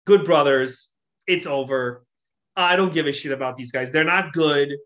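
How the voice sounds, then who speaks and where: A co-host rants in casual chat, blunt and mocking, swearing often. The voice is bright and edged, at a middling pitch. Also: moderate pace. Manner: blunt, mocking, profane ranting. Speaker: podcast co-host. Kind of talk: casual wrestling talk chat.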